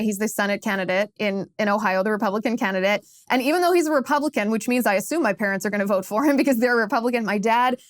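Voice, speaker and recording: A woman in her thirties hosting a political talk show, telling a story in a lively, casual way and laughing along. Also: a little high, no echo, clean studio sound. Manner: animated, laughs while telling anecdotes.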